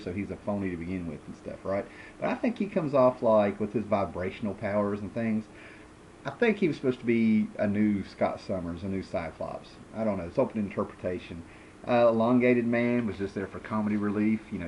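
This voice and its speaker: A man's voice: lowish voice, a little mellow, lo-fi sound, slight background noise. A man in his thirties giving a casual, rambling, sarcastic review of old comic books. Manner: rambling, sarcastic, lots of fillers.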